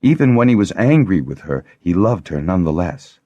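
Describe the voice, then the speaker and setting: Deep, husky male audiobook narrator. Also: big pitch swings, brisk, dark tone, no echo, dull audio. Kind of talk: scripted narration.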